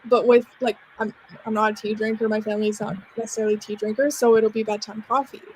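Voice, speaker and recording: A woman's voice: medium pitch, level tone, quick pace, darkish tone, a little hiss or hum. A woman from Canada hosting a podcast, chatting casually with a guest, rambling and laughing often. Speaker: podcast host. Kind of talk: casual interview chat.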